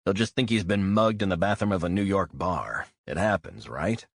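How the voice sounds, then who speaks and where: A man's voice: low voice, moderate pace, no room sound, studio quality, voice pushed up. A man playing a blunt, hot-headed operative. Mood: forceful. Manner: forceful, profane, blunt.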